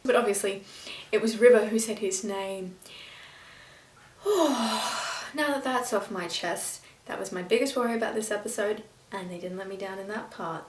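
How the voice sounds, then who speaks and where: A woman's voice: medium pitch, fairly quick, distant mic. A woman reviewing a TV episode in a casual vlog, rambling and exasperated, sometimes stumbling over names. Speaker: video reviewer. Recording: echoey room, a bit off-mic.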